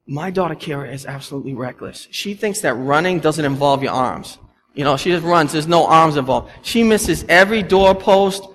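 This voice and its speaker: A man in his thirties, a pastor giving a conversational sermon, telling stories with lively, animated asides. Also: a little high, moderate pace. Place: church sanctuary. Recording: long church reverb, faint background noise.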